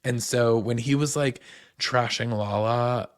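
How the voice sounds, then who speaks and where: A man's voice: mid-range voice, measured pace, smooth, no echo, clean studio sound. A man hosting a casual reality TV recap, rambling with lots of fillers and acting out the cast's lines. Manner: animated, puts on the cast's voices in quotes. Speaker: host.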